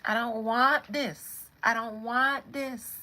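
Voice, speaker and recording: A laid-back island pop star in a high, airy voice, as a woman puts her on. She drawls dreamily and drifts off the point. Her tone is light and carefree. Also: huge pitch swings, unhurried, creaky, heavily acted. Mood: pleading. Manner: dreamy, drawling, easily distracted.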